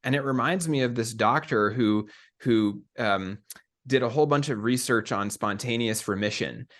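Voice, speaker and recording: A man co-hosting a podcast, talking in an earnest, measured, coaching way. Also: mid-range voice. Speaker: podcast co-host. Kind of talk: reflective conversational talk.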